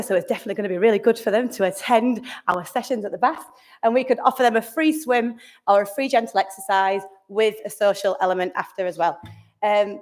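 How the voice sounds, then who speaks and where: A woman speaking at a conference in a meeting room, enthusiastic, often restarting and searching for words. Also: medium pitch. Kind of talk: conference presentation.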